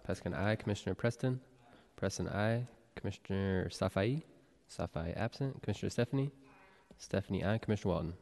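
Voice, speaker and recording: A man with a fairly low voice reads a roll call and formal announcements as a meeting clerk, brisk and procedural. The room gives his voice a long reverb. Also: gravelly, darkish tone. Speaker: board clerk. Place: city hall legislative chamber. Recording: long reverb of a large chamber.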